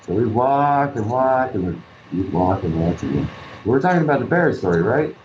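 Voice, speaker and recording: A man's voice: medium pitch, big pitch swings, normal speed. A man telling a personal story in an interview, earnest, repeating himself and acting out what others said. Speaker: guest artist and musician. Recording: dull lo-fi recording with faint noise.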